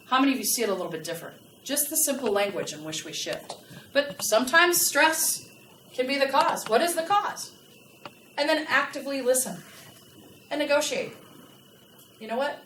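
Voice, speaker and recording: Woman workplace trainer, animated, fairly high voice, distant and roomy. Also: brisk. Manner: animated, asks the audience questions. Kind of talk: customer service training talk. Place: large room with a live audience. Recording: echoey room, from a distance, faint noise.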